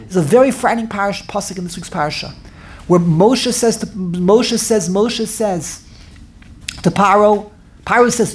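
A woman giving an animated Torah class on the weekly portion, acting out the dialogue in quick back-and-forth voices and repeating her phrases for emphasis. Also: mid-range voice. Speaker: Torah teacher.

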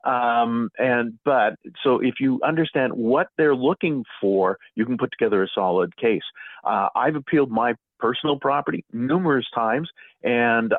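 A man's voice: mid-range voice, no room sound. Middle-aged man explaining over a phone line. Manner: explanatory, measured, with frequent fillers. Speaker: guest author on property assessment appeals. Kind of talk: radio talk show interview.

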